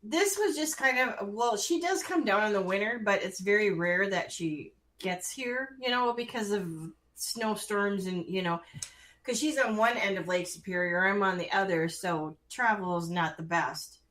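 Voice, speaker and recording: A woman co-hosting a casual chat, speaking haltingly with pauses and laughing easily. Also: mid-range voice, a bit bright. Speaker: co-host.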